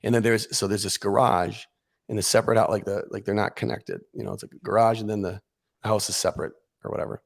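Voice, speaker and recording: Gravelly-voiced man telling a funny story. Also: fairly low pitch, fast talker. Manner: animated, comic storytelling with voiced asides. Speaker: podcast guest. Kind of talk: casual storytelling.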